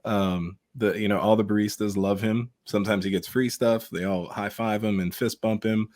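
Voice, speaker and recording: A man's voice: fairly low pitch, steady tone, normal speed, darkish tone, no room sound, studio quality. A man talking as a podcast guest, heartfelt and emotional, swearing freely as he speaks candidly. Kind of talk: candid interview talk.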